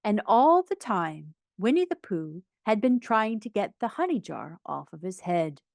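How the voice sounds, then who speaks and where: A woman reading a children's audiobook aloud with an expressive, storytelling delivery. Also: medium pitch, unhurried, vocal fry, no echo, studio quality. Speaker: audiobook reader.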